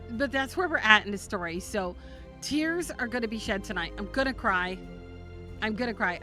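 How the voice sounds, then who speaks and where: Bright-voiced chatty woman streamer. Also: medium pitch. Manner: chatty and playful, giggles, stumbles and restarts, talks to chat by name. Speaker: game streamer. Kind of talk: casual live-stream chat with viewers.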